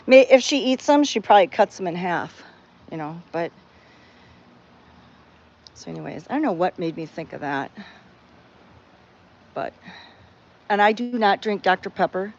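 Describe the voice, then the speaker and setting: Chatty woman vlogger, dull lo-fi sound. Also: mid-range voice. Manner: chatty, rambling, with frequent restarts. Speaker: cat sanctuary vlogger. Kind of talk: casual storytelling to viewers. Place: outdoors at a cat sanctuary in hot weather.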